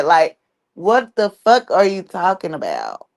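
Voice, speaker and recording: This is a woman with a fairly low-pitched voice, talking casually to a livestream audience. Her delivery is blunt and exasperated, and she swears freely as she talks. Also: wildly swooping pitch, unhurried, creaky, a little mellow. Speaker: streamer commenting on an online family.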